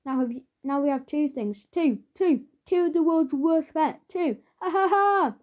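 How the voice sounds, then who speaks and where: A woman's voice: high voice, brisk, natural voice. A woman voicing a skinny, bedraggled father who talks grandly and splutters, from a storybook, on a dull lo-fi recording. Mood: manic. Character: skinny bedraggled middle-aged father, pompous, flustered.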